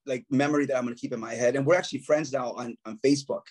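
A man's voice: medium pitch, racing. A man, a guest musician, telling stories in casual talk and acting out quotes with a raised voice. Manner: animated, acts out quotes in raised voice. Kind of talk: casual storytelling.

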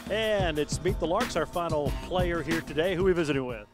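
A man hosting quick sports interviews, asking friendly, chatty questions. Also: fairly high pitch, music in the background. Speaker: host.

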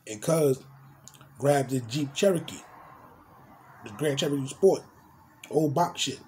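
A man's voice: mid-range voice, measured pace, warm tone, a little hiss or hum. A young man with a New Jersey accent telling a street story, full of slang and acting out engines, screeching tires and horns with his voice. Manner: vivid street slang, mimics cars and horns. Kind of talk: animated storytime with sound effects.

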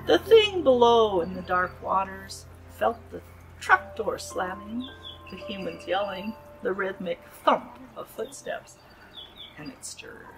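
A woman giving an expressive, dramatic reading of her own story at a writers' group. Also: medium pitch, slow, faint music behind, rough recording. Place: garden art gallery.

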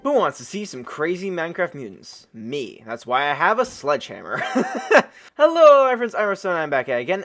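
A high-pitched man giving gameplay commentary with a bright, forceful edge, his voice full of shrieks, gasps and bursts of laughter. His tone stays highly animated and exclamatory, swinging widely in pitch. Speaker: gaming channel host.

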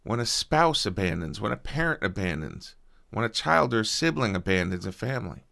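Male pastor, low gravelly voice, earnest conversational sermon delivery. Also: very animated, brisk. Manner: earnest preaching, soft-spoken prayer with fillers.

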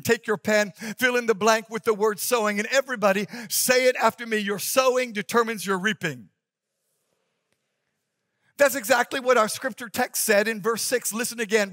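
A man's voice: high-pitched, normal speed, fairly bright tone, no room sound, clean studio sound. A man preaching a sermon as pastor, emphatic and repetitive, calling the congregation to respond.

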